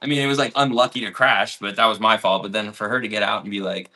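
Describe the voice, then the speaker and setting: A man's voice: lowish voice, steady tone, fast, pushed and bright. A man who works as a baker, telling stories casually on a livestream in a rambling, candid way, full of fillers, laughs and the odd swear word. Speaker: baker and video host.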